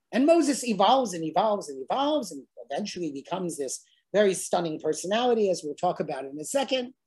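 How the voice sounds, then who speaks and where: A woman giving an animated lecture on scripture, often checking in with "right?" and dropping Yiddish words. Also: a little high, husky. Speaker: teacher.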